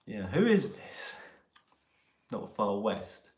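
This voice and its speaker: A man's voice: on the low side, very animated, takes it slowly, a little mellow, echoey room. An English man hosting a casual live chat, joking and laughing with his mate. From England. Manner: banter and laughing. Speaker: live stream host. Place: outdoors near Ely.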